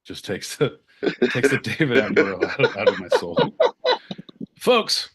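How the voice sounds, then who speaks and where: Brief: boisterous man in his podcast host mode, with a very lively pitch and a mid-range voice. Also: a little slow. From Southern California. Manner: boisterous showman, jokey, swinging from mutters to bursts. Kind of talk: rowdy casual podcast banter.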